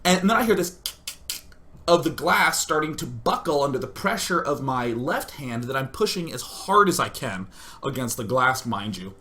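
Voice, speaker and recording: A man hosting a gaming stream, telling a comic story in an animated, self-mocking way with loud outbursts. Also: medium pitch, normal speed. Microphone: streaming setup facing a webcam.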